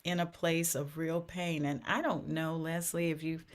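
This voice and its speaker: Older woman, earnest and low-pitched. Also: level tone, unhurried. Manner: earnest, repeats phrases, voice swells and drops with emotion. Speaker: interview guest. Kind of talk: personal faith testimony in conversation.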